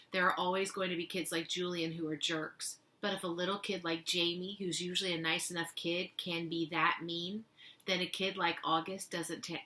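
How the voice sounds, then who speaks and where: Bright-voiced woman reading a story aloud. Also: lowish voice. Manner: reads the dialogue with lively expression.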